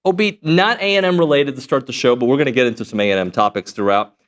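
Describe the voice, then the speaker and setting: Male sports show host, mid-pitched, chatty and loose. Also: fast talker. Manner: chatty, rambling with fillers. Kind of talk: casual sports talk.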